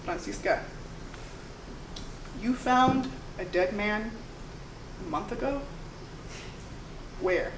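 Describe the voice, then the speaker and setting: A woman voicing a wise older female shop owner who asks gentle, probing questions. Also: fairly high pitch, drawn-out words, long pauses, noisy background. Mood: grave. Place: theater stage. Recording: roomy live stage sound from far off.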